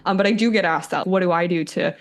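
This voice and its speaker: A woman hosting a podcast interview, giving warm encouragement and asking questions. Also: lowish voice, fast talker. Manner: warm, encouraging, short affirmations. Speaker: podcast host. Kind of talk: casual interview.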